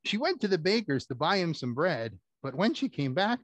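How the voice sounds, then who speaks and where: A man's voice: fairly high pitch, very animated, moderate pace, no echo. A man performing a children's puppet show, telling rhymes in a playful, theatrical way. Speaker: puppeteer and storyteller.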